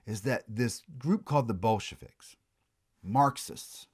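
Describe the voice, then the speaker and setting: A man's voice: medium pitch, unhurried, husky. A man giving a recorded college history lecture, telling it as a story with casual asides and frequent restarts.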